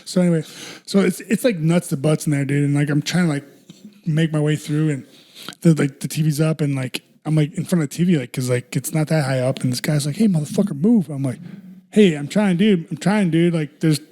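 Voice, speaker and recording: Dude swearing his way thru a story, slightly high voice, acting out everybody's lines. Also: fast. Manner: animated, swears a lot, acts out quotes. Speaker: podcast co-host. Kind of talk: casual chat, storytelling.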